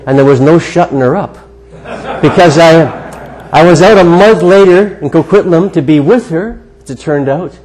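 A man preaching a sermon, telling a personal story in an earnest way with emphatic pauses. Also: fairly high pitch, a little mellow, rough recording. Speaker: guest preacher.

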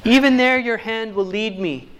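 A man preaching a sermon who reads scripture aloud slowly and then jokes with his listeners. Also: high voice, fairly bright tone, smooth, muffled recording.

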